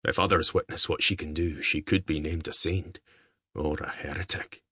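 Narrator as a grave medieval laird, deep, husky, measured, storybook. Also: male voice, fairly even intonation, bright, forceful tone, dry recording, clean studio sound, exaggerated voice. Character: Scottish laird, grave and wary man.

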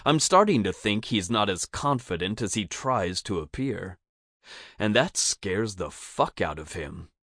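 A man narrating a first-person audiobook in a steady, even storytelling manner on a close mic. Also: lowish voice, measured pace, no echo.

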